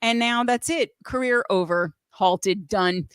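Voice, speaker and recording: A woman's voice: mid-range voice, takes it slowly, smooth, no echo. A woman hosting a casual livestream, chatting in a playful, joking way. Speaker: host.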